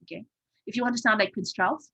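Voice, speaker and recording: A woman's voice: medium pitch, quick pace, vocal fry, a bit bright, muffled recording, a little hiss or hum. A woman with a Filipino accent giving an informal presentation on language learning, tagging her points with "okay?" and "no?" and using many fillers.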